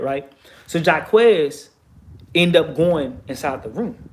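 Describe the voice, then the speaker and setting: Fired-up man telling a street story. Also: fairly high pitch. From Texas, USA. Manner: emphatic, profane, streetwise retelling with rising bursts of emphasis. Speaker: vlogger. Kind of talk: casual storytelling monologue.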